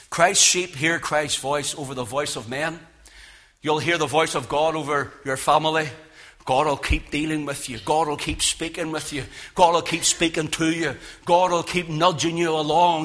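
A man preaching a sermon in a church, with a loud, carrying voice that swings from emphatic peaks to low, hushed lines. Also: fairly even intonation, moderate pace. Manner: impassioned, rising to loud emphatic peaks then dropping low. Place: church with speakers.

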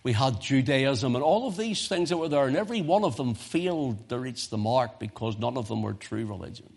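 Dramatic preacher man, big loud swings. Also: medium pitch, expressive, brisk, vocal fry, husky. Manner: dramatic swings from loud crescendo to hushed near-whisper; emphatic, repeating phrases for effect. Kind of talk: sermon.

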